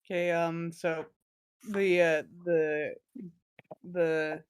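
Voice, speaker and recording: Slow, halting woman game master. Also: low voice, level tone, smooth. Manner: halting, with many fillers. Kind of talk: narrating a tabletop game.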